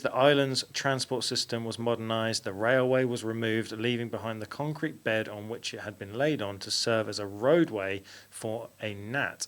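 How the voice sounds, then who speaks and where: A man's voice: fairly low pitch, fairly bright tone. A man hosting a podcast, reading out facts and stopping to correct himself. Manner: reads aloud with fillers and self-corrections. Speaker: podcast host. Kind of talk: reading out facts in casual chat.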